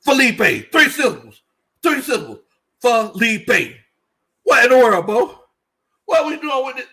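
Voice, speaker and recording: A man hosts a loose sports talk stream, his voice pitched high and swinging widely up and down. He jokes as he goes and hammers his points home by repeating them, in a bright, forceful tone. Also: a little slow, breathy edge. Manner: animated, joking, repeats himself for emphasis. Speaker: sports show host. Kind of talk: casual sports commentary livestream reading chat.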